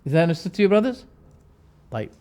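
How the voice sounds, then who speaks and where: A man with a high-pitched voice delivers a classroom lecture on creed. He is emphatic, swinging between loud rising phrases and quiet, dropped endings. He repeats key words to drive each point home. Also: big pitch swings, fast. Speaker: religious teacher.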